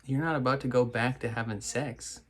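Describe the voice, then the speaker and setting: A man's voice: medium pitch, fairly even intonation, a little fast. A man hosting a reaction video, talking back at the screen in exasperated, casual commentary.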